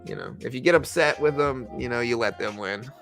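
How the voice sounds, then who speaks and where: A man's voice: mid-range voice, fairly quick, fairly bright tone, soft background music. A man giving rambling, casual live-stream commentary on trading, talking to his viewers with lots of fillers. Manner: rambling, conversational, full of fillers.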